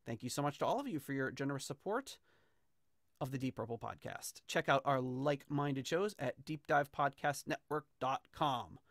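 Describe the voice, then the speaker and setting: A man's voice: medium pitch, moderate pace, gravelly, no room sound. Chatty male podcast host, dry close sound. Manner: chatty, animated, with frequent fillers. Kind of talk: casual podcast chat.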